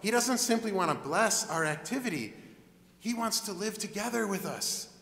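A male pastor delivers a conversational sermon and acts out the story as he goes. His voice is high and bright. It echoes through a large hall with a long reverb. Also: lively intonation, moderate pace, creaky.

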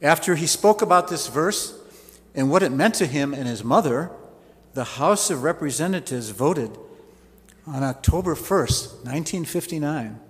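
A man's voice: a little high, animated, normal speed, in a large hall. A man preaching a sermon, telling stories with folksy asides. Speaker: pastor.

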